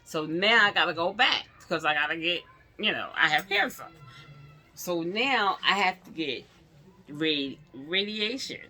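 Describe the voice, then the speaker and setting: A woman vlogger telling a personal story to her viewers in a casual, animated way, laughing often. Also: on the low side, measured pace.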